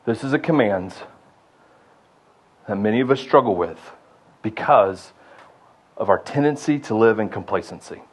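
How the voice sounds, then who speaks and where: A young adult man preaching a sermon, building to loud rallying shouts and then dropping low and intimate. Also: lively intonation, normal speed, long pauses, breathy edge. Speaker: pastor.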